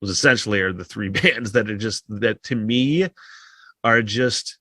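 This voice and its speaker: A man talks alone into a close podcast mic, rambling loosely and cursing freely, with many sighs between thoughts. His voice has a sharp, bright edge, and the sound is dry with no room to it. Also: fairly low pitch, measured pace, husky, dry recording. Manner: rambling, heavy swearing, frequent sighs. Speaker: podcast host. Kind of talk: casual solo podcast monologue.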